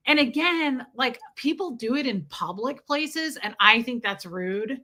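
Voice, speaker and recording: A woman in her forties hosting a live stream, telling stories in an animated, exasperated, chatty way. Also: sits high, moderate pace, hardly any pauses. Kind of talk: casual live stream storytelling.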